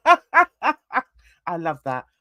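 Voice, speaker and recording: A woman's voice: fairly high pitch, huge pitch swings, drawn-out words, bright, forceful tone, no room sound, highs cut off. A woman hosting a casual livestream chat, rambling and gossipy as she greets viewers in the chat by name. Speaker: livestream host.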